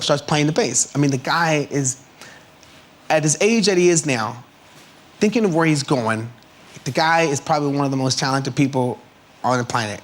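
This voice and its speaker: A man's voice: a little high, normal speed. A man in casual chat on a television studio talk show, telling stories in a laid-back, playful, slangy way. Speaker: chat show guest, musician.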